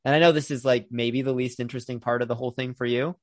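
A man's voice: mid-range voice, steady tone, quick pace, no echo, clean studio sound. A man hosting a film podcast, chatting casually with plenty of fillers. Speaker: podcast host. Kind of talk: casual film review chat.

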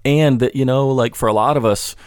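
A man's voice: medium pitch, fairly quick, smooth, no room sound, studio quality. A man in casual podcast conversation, talking in a rambling way with many restarts and "you know" fillers.

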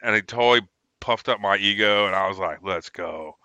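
तीस के दशक का एक आदमी, सेना का पूर्व सैनिक, जो खुलकर गालियों के साथ भटकती हुई कहानियाँ सुनाता है।. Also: male voice, fairly low pitch, moderate pace, pushed and bright, no echo, rough recording. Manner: rambling, profane storyteller. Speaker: military veteran guest. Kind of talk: casual chat.

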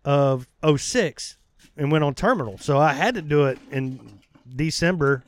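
A man in his thirties telling a profane, animated story in casual podcast chat. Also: on the high side, measured pace. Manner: profane, animated, acts out quoted voices.

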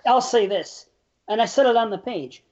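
A man's voice: high-pitched, normal speed, darkish tone, lo-fi sound. Blunt, swearing man in casual chat. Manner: blunt and swearing, self-deprecating. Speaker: podcast co-host.

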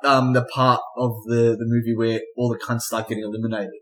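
Fast-talking rambling man, echoey room. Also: medium pitch, little pitch movement, fairly bright tone. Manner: rambling retelling with restarts and swearing. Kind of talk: casual film chat. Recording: roomy echo.

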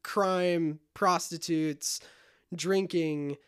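A man casually retelling a film scene by scene, animated and jokey. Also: on the high side, clear, resonant tone. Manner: animated retelling, quick shifts into character voices and quotes. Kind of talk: casual movie recap chat.

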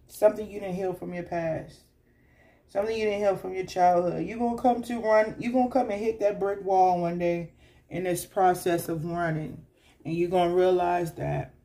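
A tarot reader speaks straight to the listener in a relaxed, street-casual reading. The voice is warm and mellow, and the talk loops and repeats itself as it coaxes and urges. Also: medium pitch. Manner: loose, repetitive, coaxing, street-casual.

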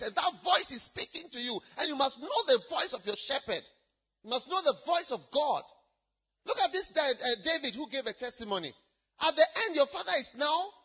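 A man preaching a sermon in a church, shouting out points and then dropping low. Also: highs cut off. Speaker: pastor.

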